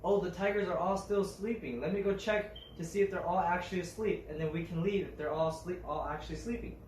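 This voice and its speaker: A man telling a folk tale puts on a calm young woman planning an escape, her lines brisk and plain. The voice sits a touch high for a man. It is caught from across an echoing room. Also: slight background noise, lightly acted. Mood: cautious. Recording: roomy, mic at a distance.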